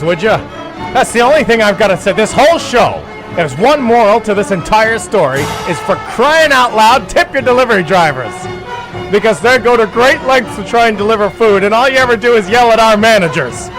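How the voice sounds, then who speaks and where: A man telling a personal story live on the radio as host, chuckling often and breaking into loud yelling. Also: sits high. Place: radio studio.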